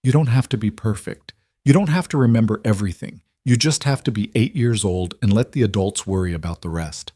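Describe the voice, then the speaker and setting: A man voicing a kind young frontier woman who speaks gently but firmly, reassuring a frightened family. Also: on the low side, a little fast, no echo, clean studio sound, lightly acted. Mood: tender.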